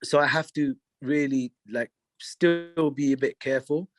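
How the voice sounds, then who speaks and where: A man's voice: mid-range voice, a little slow, no echo, faint music behind. A man from the UK speaking as an interview guest, casual and hesitant, with many fillers and restarts.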